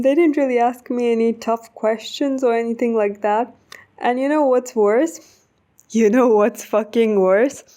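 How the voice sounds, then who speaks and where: Indian accent woman venting about a job interview, cusses a lot, warm-ish higher voice. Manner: animated, swears often, rising to indignant outbursts. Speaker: vlogger. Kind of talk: casual storytime rant.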